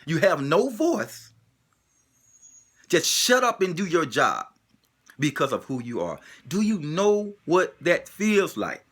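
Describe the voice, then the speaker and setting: A man speaks in an emotional, preacher-like cadence, hammering the same pointed question over and over. His voice sits fairly high, with a bright, forceful edge, and swings widely up and down. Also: sing-song, slow pace. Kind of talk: impassioned spoken monologue.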